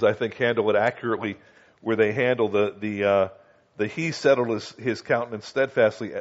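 A man preaching a conversational Bible teaching, often checking in with his listeners and slowing down to read scripture. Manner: conversational, asks listeners "Okay?" and "do you understand?"; reads scripture slowly and acts out quoted voices higher. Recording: dull lo-fi recording.

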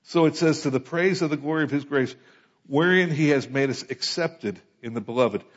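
The pastor, a U.S. man with a slightly high voice, preaches at a moderate pace through dull-sounding audio. Conversational in manner, he often asks his congregation questions.

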